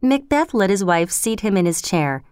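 A woman narrating a story in a clear, measured storytelling manner. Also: mid-range voice, very animated, a little mellow, dry recording, studio quality. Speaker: reader. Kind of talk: scripted narration.

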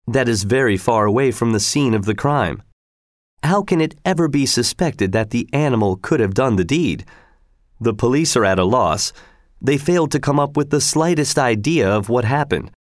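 Male narrator, audiobook reading, measured and steady, mid pitch, dry recording. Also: no room sound.

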